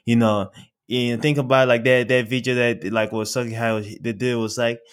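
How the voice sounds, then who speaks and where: A young man chatting casually, animated and laughing often as he swaps voices. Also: normal speed. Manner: animated, laughs often, slips into falsetto impressions. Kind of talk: casual chat.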